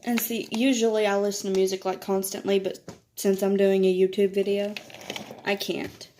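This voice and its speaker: A woman's voice: flat delivery, normal speed, noisy background. A teenage girl chatting casually in a vlog, telling stories while doing her makeup. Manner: chatty, laughs often, quotes others in higher voice. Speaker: vlogger.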